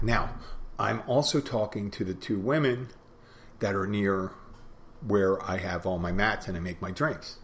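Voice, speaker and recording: A man's voice: fairly low pitch, moderate pace. A man hosting a podcast, telling a bar story in a rambling casual way, repeating phrases and acting out both sides of the talk. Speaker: podcast host, bartender.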